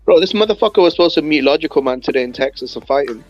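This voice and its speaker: A man in a voice chat, quick and accusatory, on a dull lo-fi microphone. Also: a little high, lively intonation, dry recording, soft background music. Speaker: voice chat participant. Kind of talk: voice chat argument. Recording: dull lo-fi dry voice chat mic.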